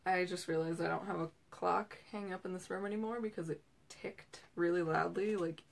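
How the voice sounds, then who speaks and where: A woman's voice: fairly low pitch, fairly even intonation, brisk, creaky. A woman in her thirties chatting casually as a host, rambling through tangents with lots of fillers. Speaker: host and direct seller. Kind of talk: casual chat. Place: small room at home.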